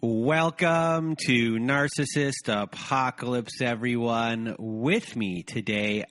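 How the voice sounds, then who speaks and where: A man's voice: mid-range voice, steady tone, slow pace, few pauses, fairly bright tone. A man hosting a podcast in a casual, chatty way, sometimes stumbling over his words and laughing at himself. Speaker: podcast host.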